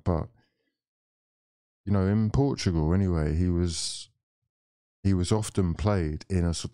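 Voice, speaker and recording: A man's voice: deep voice, dark tone, dry recording, clean studio sound. A young man hosting a football watchalong, reading out viewer messages and chatting casually, laughing often. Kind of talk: casual chat reading live chat.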